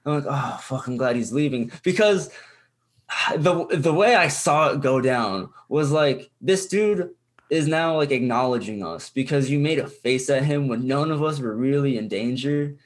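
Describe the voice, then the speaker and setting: A man's voice: on the high side, animated, measured pace. A young adult man on a podcast, chatting in a rambling, profane way, full of fillers and restarts. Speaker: podcast co-host. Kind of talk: casual chat.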